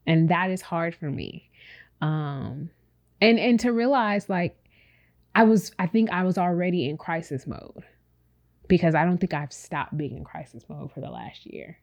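A woman with a slightly low voice talking openly on a podcast. She rambles in a relaxed, reflective way, full of fillers, and speaks right to her listeners as if they were friends. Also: a little slow. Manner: speaks directly to listeners as "y'all". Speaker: podcast co-host. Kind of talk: casual chat.

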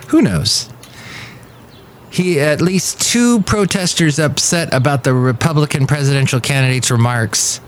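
A man's voice: mid-range voice, slight background noise. Rambling male podcast host. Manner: rambling, tangent-prone, self-correcting. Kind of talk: casual news chat.

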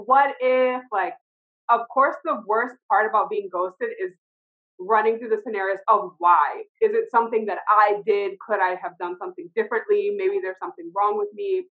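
Chatty woman with dull lo-fi sound. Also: medium pitch. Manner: chatty, laughs through her lines. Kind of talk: casual TV recap chat.

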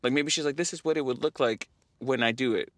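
A young man hosting a podcast, telling a story in casual chat, animated, often laughing and using lots of fillers. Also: mid-range voice, fast, dry recording. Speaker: podcast host.

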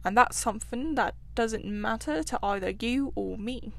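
A woman's voice: fairly high pitch, normal speed, vocal fry. A woman voicing a self-assured male water rat who loves his river, talking in a confident, chatty and somewhat guarded way. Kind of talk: storybook reading.

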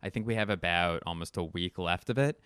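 Sardonic low-voiced man rambling. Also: fairly quick, a bit bright, clear, resonant tone, no room sound, studio quality. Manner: rambling, sardonic, swears casually. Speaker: podcast host. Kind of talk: casual comedic monologue.

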